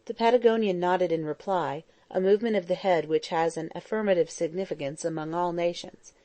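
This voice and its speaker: A woman narrating a classic novel as an audiobook reader, in a steady, even reading voice. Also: lowish voice, brisk, dry recording. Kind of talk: scripted narration.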